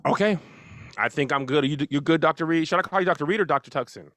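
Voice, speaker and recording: Male talk show host, playful and joking, a bit high voice, dry close sound. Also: quick pace, a bit bright, no room sound. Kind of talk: casual talk show hosting.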